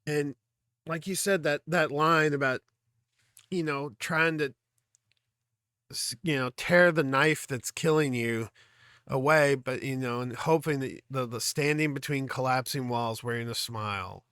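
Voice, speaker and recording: Earnest man reacting with halting emotion. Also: mid-range voice, a bit bright, clean tone, no echo, clean studio sound. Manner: earnest, halting, reflective with many fillers. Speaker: music reaction host. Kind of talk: casual reaction commentary.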